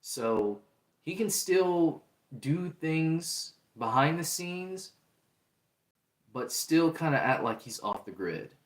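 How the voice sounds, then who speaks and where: Speaking slowly with lively intonation, a young man with a slightly high voice hosts a livestream. He repeats himself earnestly as he reads out chat comments in casual talk, and the audio carries a roomy echo.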